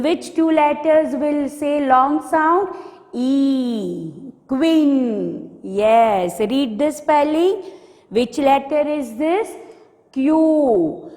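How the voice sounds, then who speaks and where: An Indian English woman teaches phonics to small children, spelling out each word letter by letter at a very slow, sing-song pace. Her voice sits a little high. Her speech carries a long hall reverb. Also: a little mellow. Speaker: pre-primary teacher. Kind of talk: phonics lesson for young children.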